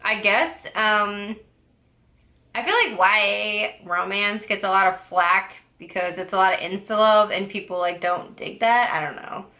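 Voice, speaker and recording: A young woman with a bright, forward voice talks casually to her camera about books. She rambles, fills her sentences with "like" and "I don't know", and drops playfully sassy asides along the way. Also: mid-range voice, unhurried. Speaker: book vlogger. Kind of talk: casual chat.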